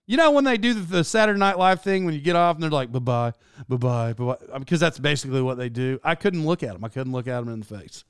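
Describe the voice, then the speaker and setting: A man in his thirties telling rambling, animated stories in a casual monologue as a podcast host. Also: on the high side, quick pace, few pauses, clean tone, no room sound, studio quality. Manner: rambling, animated storytelling with laughs.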